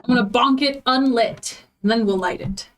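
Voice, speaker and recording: A woman's voice: a little high, normal speed. A woman player in a tabletop game, chatty and full of questions. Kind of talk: casual tabletop game talk.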